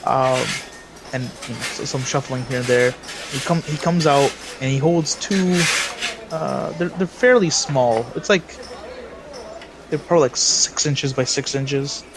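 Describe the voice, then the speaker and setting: A man's voice: medium pitch, measured pace, background noise. A man narrating a tabletop game as game master, rambling with many fillers and restarts.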